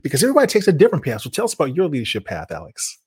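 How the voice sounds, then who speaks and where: An American man hosting an interview, effusive and quick to laugh and compliment his guest. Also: a little high, wildly swooping pitch, husky. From United States. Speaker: host.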